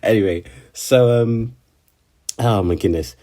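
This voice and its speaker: A man's voice: fairly low pitch, slow, mellow. A man giving a casual, rambling recap of an anime episode, chatty and full of slang and restarts. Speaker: anime reviewer.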